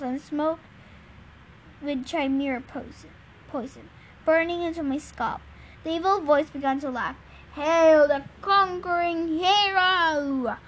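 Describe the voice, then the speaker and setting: Woman reading a book out loud, high voice, earnest, bit of hiss in the background. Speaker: reader. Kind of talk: reading a novel aloud.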